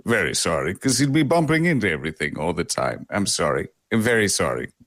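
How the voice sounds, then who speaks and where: A man's voice: low-pitched, big pitch swings, a bit bright, no echo, studio quality, voice pushed down, exaggerated voice. A man voicing a drunk, sleepy dragon who keeps apologizing for bumping into things. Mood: drowsy apologetic. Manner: slow, drowsy, over-apologetic.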